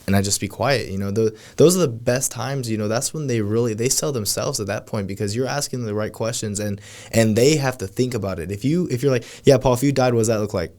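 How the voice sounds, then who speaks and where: A man's voice: medium pitch, darkish tone. A man speaking as a podcast guest in casual chat, full of you know and like as he talks. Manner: quick, filler-heavy, says you know and like often. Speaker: podcast guest, sales agent.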